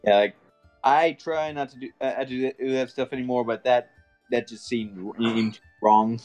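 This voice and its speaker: A man playing a tabletop role-playing game, matter-of-fact and quick to correct the rules. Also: mid-range voice, steady tone, darkish tone, faint music behind. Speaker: player.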